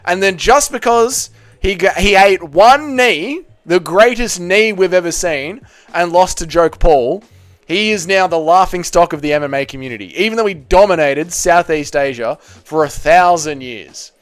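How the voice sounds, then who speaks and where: Australian man, smooth voice, blunt banter. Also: high-pitched, lively intonation, moderate pace, no room sound. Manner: blunt, swears freely, banters with chat. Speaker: livestream host. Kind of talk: casual livestream chat, reading out viewer comments.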